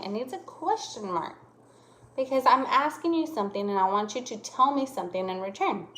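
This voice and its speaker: A woman teacher giving a lesson to young children, speaking slowly and exaggerating her voice changes to demonstrate punctuation. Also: medium pitch, a bit bright. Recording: echoey room.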